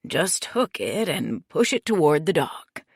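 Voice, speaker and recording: A man's voice: a little high, big pitch swings, measured pace, vocal fry, husky, dry recording, studio quality, exaggerated voice. A woman voicing an old man in his late seventies, nasal and helpful, in an audiobook.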